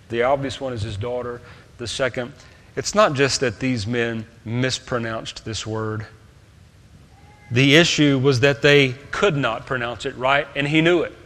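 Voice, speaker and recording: Texan preacher in an echoing hall. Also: male voice, medium pitch. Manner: emphatic preaching that swings between loud stresses and quiet asides. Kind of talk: sermon.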